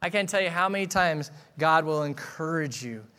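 A man, a pastor, preaching a sermon in a conversational way, asking the audience questions and moving between soft asides and emphatic declarations. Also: fairly high pitch, normal speed, smooth.

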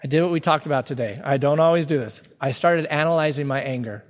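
A man preaching a sermon as pastor, earnest and emphatic, stretching key words slowly for weight. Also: fairly high pitch. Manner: earnest, emphatic preaching with sudden slow-downs. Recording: long hall reverb.

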